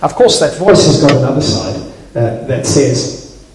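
A man's voice: mid-range voice, a little slow, crowd noise. A man preaching a sermon as a pastor, acting out little everyday scenes as he tells them. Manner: animated storyteller acting out little scenes, with some restarts. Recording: echoey hall, faint noise.

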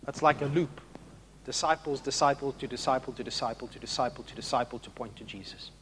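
A man preaching a sermon, swinging between loud rousing questions to the congregation and hushed, emphatic passages. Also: mid-range voice, fairly quick, a little hiss or hum.

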